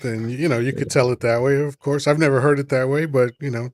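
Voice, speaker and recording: A man's voice: mid-range voice, steady tone, brisk, dry recording. A man hosting a casual comedy chat show, joking and telling a story. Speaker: host.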